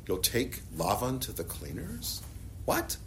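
A man's voice: mid-range voice, takes it slowly, a little hiss or hum. A middle-aged man teaching a Bible class, explaining the text and telling personal stories while asking his listeners questions. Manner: animated, storytelling, asks the class questions.

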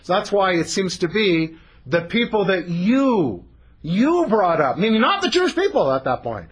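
Guy with a slightly high husky voice leading a torah study class, lively, mixing in hebrew words. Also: normal speed. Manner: animated, mixes Hebrew terms into explanation. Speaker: Torah teacher.

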